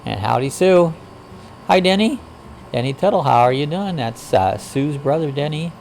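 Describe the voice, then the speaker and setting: Gravelly folksy man hosting a livestream. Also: fairly high pitch, lively intonation, moderate pace, a little mellow, a little hiss or hum. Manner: folksy, greets viewers with howdy; rambling, frequent uh fillers. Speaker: livestream host. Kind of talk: casual chat, reading viewer comments.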